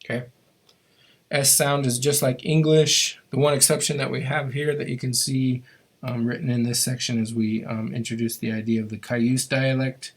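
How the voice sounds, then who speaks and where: A man's voice: medium pitch, flat delivery, moderate pace. A man teaching a language class, patiently explaining how to make each sound, with frequent ums and restarts.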